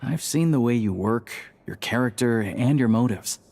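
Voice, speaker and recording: An actor playing a calm, discreet young man of a secret society in a video game, explaining things in a measured way. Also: mid-range voice, close to an everyday voice.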